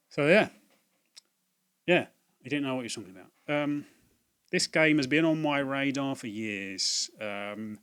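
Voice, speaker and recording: A man's voice: medium pitch, fairly bright tone. A man hosting a casual video about things he bought, rambling and chatty with many fillers, recorded at home on a laptop mic. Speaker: video host. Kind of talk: casual unboxing vlog. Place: home room at dusk. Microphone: laptop built-in mic.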